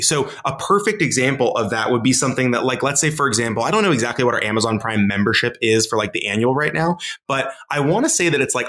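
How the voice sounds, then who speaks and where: A man's voice: mid-range voice, fairly bright tone. Chatty man co-hosting a podcast. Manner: conversational storytelling, playful asides. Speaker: podcast co-host. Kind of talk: casual chat about personal finance.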